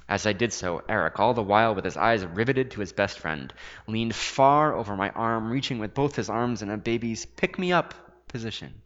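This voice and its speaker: A man reading a first-person story aloud, expressive and dramatic with soft hushed asides, in a dull lo-fi recording with a long reverb. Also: fairly low pitch.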